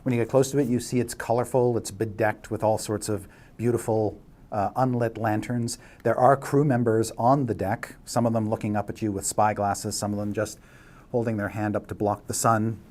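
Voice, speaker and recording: A man's voice: fairly low pitch, steady tone, normal speed, a little mellow. A man acting as dungeon master, narrating a tabletop game in a playful way and laughing often.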